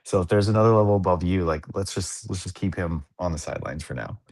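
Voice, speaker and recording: A man's voice: low-pitched, fast talker, a little mellow, no echo. A man co-hosting a podcast, chatting casually and rambling with many fillers and restarts. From Southern California. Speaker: podcast co-host. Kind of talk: casual chat.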